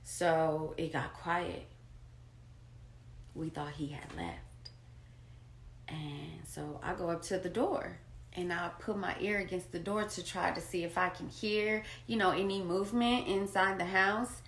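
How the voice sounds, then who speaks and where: A woman telling a raw personal story in a candid, unpolished way, swinging between hushed and loud. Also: fairly low pitch, steady tone, measured pace, roomy sound, a little hiss or hum. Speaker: storyteller sharing her own experience.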